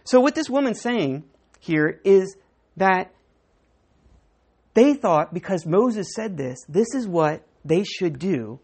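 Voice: medium pitch, takes it slowly, pauses often, husky. Preacher teaching scripture, voice bounces up and down a lot, acts out the lines. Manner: animated Bible teaching, acting out quoted dialogue. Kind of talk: sermon.

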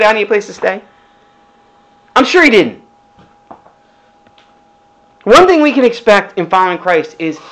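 A man's voice: high-pitched, poor audio. A middle-aged male pastor giving a conversational sermon, full of rhetorical questions.

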